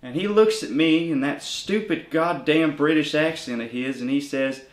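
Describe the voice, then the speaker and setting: A man's voice: fairly high pitch, normal speed, reverberant, close to an everyday voice. A man playing a bitter, crippled male former bandmate, telling his story with crude, sardonic humor in a mockumentary interview.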